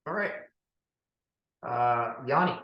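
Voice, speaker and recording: Game master explaining rules, echoey room. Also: male voice, mid-range voice, lively intonation, takes it slowly, highs cut off. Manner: explains rules at length with fillers. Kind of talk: running a tabletop game.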